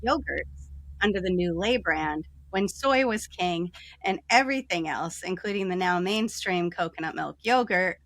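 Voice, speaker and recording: Lively, bright-voiced woman host. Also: lowish voice, moderate pace. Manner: upbeat, laughs readily. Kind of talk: interview podcast hosting.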